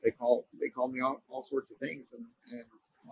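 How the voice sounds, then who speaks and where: A male company co-founder, appearing as an interview guest, tells a personal story earnestly but haltingly, with frequent restarts. His medium-pitched voice is husky and level, and the audio quality is poor.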